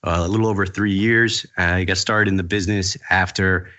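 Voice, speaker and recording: A man with a cold, a guest on a podcast, telling his story in a matter-of-fact, steady way. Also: low voice, normal speed. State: fighting a cold. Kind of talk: casual interview answers.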